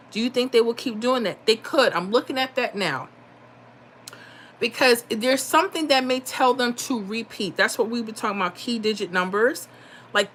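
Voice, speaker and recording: A woman's voice: mid-range voice, a bit bright, a little hiss or hum. A middle-aged woman hosts a live stream in a casual, chatty way, reading viewer comments aloud. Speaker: livestream host giving lottery picks. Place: home.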